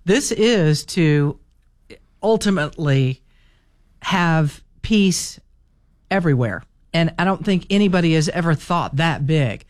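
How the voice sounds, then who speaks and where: A man's voice: a little high, expressive, slow pace, dry recording, studio quality. A man co-hosting a casual political chat, agreeable and teasing in his interjections. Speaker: co-host.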